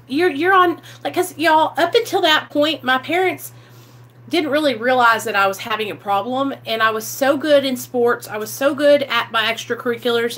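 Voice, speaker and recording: A woman, candidly telling her life story to the camera, animated and swearing freely, acting out what people said. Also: fairly high pitch. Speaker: vlogger sharing recovery story.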